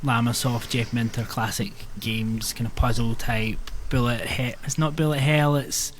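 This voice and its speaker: A man co-hosting a podcast, reviewing a game in an earnest, hesitant way and filling his pauses with "um". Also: mid-range voice, steady tone, a little hiss or hum. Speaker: podcast co-host. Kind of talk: casual chat.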